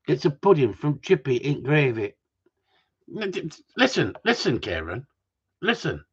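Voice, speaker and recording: Husky man rambling on a livestream. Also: a little high, huge pitch swings, moderate pace. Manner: rambling, swears, jokey banter. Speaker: livestream host. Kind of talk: casual chat to a live audience. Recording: dull lo-fi sound.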